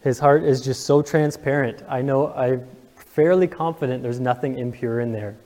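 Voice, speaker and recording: A man's voice: mid-range voice, normal speed, warm tone, big-room sound. A young man preaching a sermon to his congregation, earnest and emotional, asking the room questions. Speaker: pastor. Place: church sanctuary.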